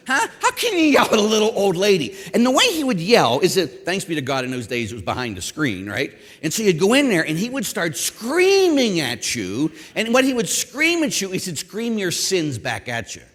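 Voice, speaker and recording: A priest in his fifties from Pittsburgh gives a humorous talk, acting out asides and poking fun at himself. His voice sits a little high for a man and swings widely in pitch. The talk carries a long reverb from a large conference hall. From Pittsburgh, USA. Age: 50s. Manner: animated storytelling with self-deprecating humor and acted asides.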